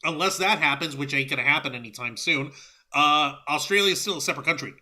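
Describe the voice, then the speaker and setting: Male sidekick co-host, very bright tone, dry sarcastic banter. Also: fairly high pitch, fast. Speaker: podcast co-host reviewing wrestling. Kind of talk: casual banter.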